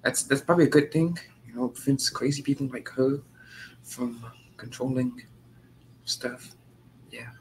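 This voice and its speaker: A man's voice: medium pitch, a little slow, slight background noise, rough recording. A man hosting a reaction video, making sarcastic, mocking asides in casual commentary.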